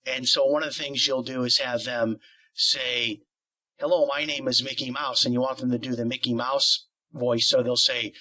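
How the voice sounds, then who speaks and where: A man's voice: mid-range voice, little pitch movement, moderate pace, bright, forceful tone, poor audio. A man interviewing a singing teacher, explaining ideas at length with plenty of qualifiers and asides. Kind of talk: conversational interview.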